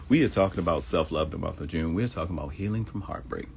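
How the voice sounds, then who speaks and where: Deep gravelly animated man, talk show host. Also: fast, hardly any pauses, a little hiss or hum. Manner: animated preacher-like, switching into mock voices for quotes. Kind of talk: live self-help talk show monologue.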